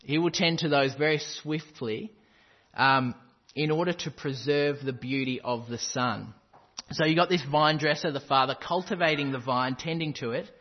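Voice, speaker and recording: A man's voice: on the high side, moderate pace, lo-fi sound. A man preaching a sermon, quoting scripture and driving points home with emphatic repetition. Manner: emphatic, quotes scripture with rising intensity.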